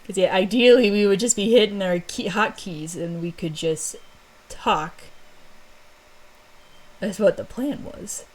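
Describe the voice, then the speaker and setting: A woman's voice: medium pitch, measured pace, long pauses. Rambling, self-mocking woman streamer. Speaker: streamer and story author. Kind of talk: casual chat.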